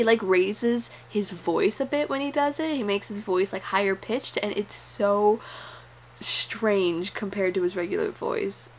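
An excitable woman talks through a movie as she watches it, gasping and rambling in a casual, chatty way. Her voice sits at an ordinary middle pitch. A steady noise runs behind her voice throughout the recording. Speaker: movie reaction commentator. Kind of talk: casual reaction commentary.

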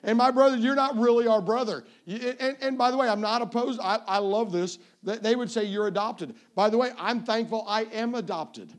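Evangelist, male, 50s: high voice, playful self-mocking pulpit storyteller. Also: fairly quick, few pauses. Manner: playful, self-mocking storyteller who often repeats his first word. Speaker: evangelist preacher. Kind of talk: sermon with humorous family stories.

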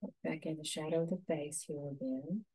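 A woman with a low, very dark and mellow voice talks through a painting lesson step by step. She murmurs her instructions softly and without hurry. The sound is dry and close. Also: steady tone, breathy edge, no room sound, poor audio. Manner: soft, unhurried, murmuring instructions.

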